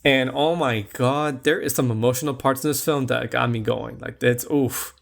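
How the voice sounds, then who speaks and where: A man's voice: mid-range voice, steady tone, normal speed, vocal fry. A man co-hosting a podcast, chatting casually about a film with many fillers and restarts. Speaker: podcast co-host. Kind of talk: casual film review chat.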